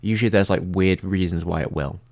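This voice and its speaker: A man with a deep, low-pitched voice chats casually on a livestream, working through viewer questions. He rambles, leans on "like" constantly, and restarts his sentences as he thinks aloud. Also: a little fast, darkish tone. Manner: rambling, heavy use of "like". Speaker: streamer answering viewer comments.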